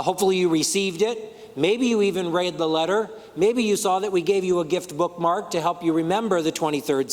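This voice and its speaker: Male pastor, high voice, unhurried sermon delivery, church reverb. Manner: measured, shifting emphasis for effect. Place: church sanctuary. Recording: long church hall reverb.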